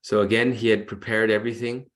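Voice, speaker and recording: A man's voice: fairly low pitch, level tone, fast. Male devotional lecturer, earnest storyteller, video call audio. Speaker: devotional class speaker.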